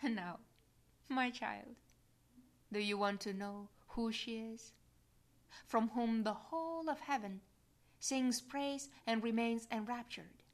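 A woman voicing a tender, motherly heavenly queen in a slow, gentle devotional reading that drops to soft whispers. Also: on the high side.

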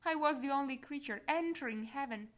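A woman voicing a tender, motherly heavenly queen in a slow, gentle devotional reading that drops to soft whispers. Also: sits high, lightly acted.

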